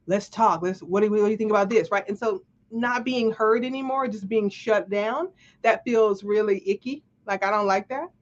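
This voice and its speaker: A woman hosting a casual live chat, talking in an animated, chatty way and often checking in with "right?". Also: mid-range voice. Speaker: host. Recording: dull lo-fi stream audio.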